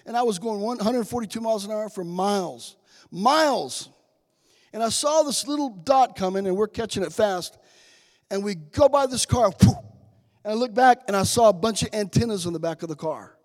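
A man in his sixties, a guest speaker giving a testimony sermon in a church, telling a story that builds to loud, slow preaching. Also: high voice, expressive. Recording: long reverb in a church hall.

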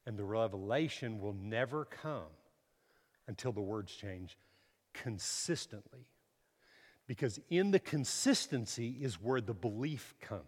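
A middle-aged man preaching a sermon, emphatic, swinging from quiet to loud and repeating words. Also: mid-range voice, husky, long reverb tail.

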